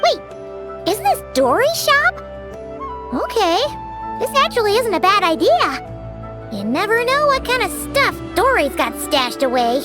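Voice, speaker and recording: A woman's voice: very high voice, very animated, unhurried, pauses often, full character voice. An actress playing a spirited young woman who runs a craft shop in a video game, talking in a blunt, cheeky way. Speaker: game character. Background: music.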